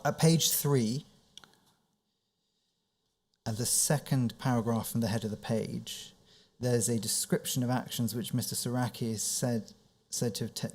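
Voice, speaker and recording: A male counsel questions a witness at a formal hearing, speaking in a measured and careful way. He reads out document references and puts each question precisely. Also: mid-range voice, gravelly, darkish tone, breathy edge. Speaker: inquiry counsel.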